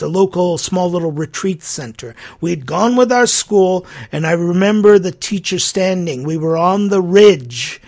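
A man's voice: high-pitched, vocal fry. A man hosting a religious talk show, telling a story in an earnest, reflective way that sometimes drops almost to a whisper. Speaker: host.

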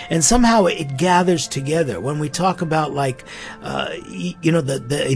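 A man hosting a podcast, reflecting earnestly on faith and spirituality in a musing way, often restarting his sentences. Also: a little high. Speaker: podcast host.

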